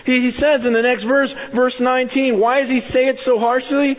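A man's voice: extremely high pitch, level tone, brisk. A man preaching a sermon as pastor, intense and urgent, often stammering and restarting as he acts out quoted voices. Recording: phone-like sound in a reverberant hall.

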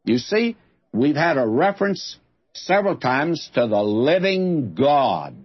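A man teaching a verse-by-verse Bible sermon, deliberate and emphatic, repeating his key phrases. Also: fairly high pitch, big pitch swings, slightly rough, lo-fi sound.

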